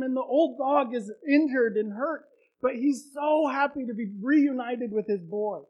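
A male pastor preaching a sermon, retelling a story with emotion and building to loud, heartfelt peaks. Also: very high voice, a little slow, poor audio.

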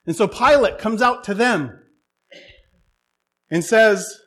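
A man's voice: sits high, takes it slowly, a bit bright. A man preaching a sermon, retelling a Bible story with humor and irony.

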